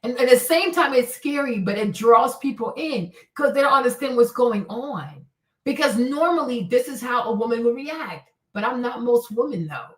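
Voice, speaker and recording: A woman's voice: fairly high pitch, expressive, normal speed, recorded from a distance. Brash, profane woman streamer in an echoey room. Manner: brash, profane, emphatic and mocking. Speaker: livestream host. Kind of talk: blunt advice livestream.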